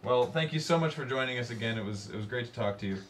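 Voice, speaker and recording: A man's voice: medium pitch, quick pace, a little hiss or hum. A man hosting a live charity stream, chatting in an upbeat, giggly way with a call-in guest. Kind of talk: casual chat.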